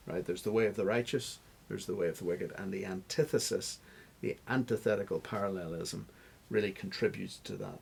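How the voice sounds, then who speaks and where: Man, low voice, gravelly, husky, teacherly guest explaining texts. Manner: teacherly, stops to spell out examples. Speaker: guest Bible scholar. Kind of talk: explanatory interview answers.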